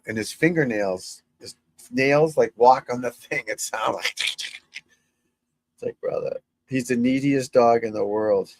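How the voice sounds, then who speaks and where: A man's voice: medium pitch, moderate pace, darkish tone, low-quality recording. A man who works as a golf instructor, chatting casually and rambling to his viewers from a room at home and breaking off now and then to talk to his dog. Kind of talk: casual live chat to viewers.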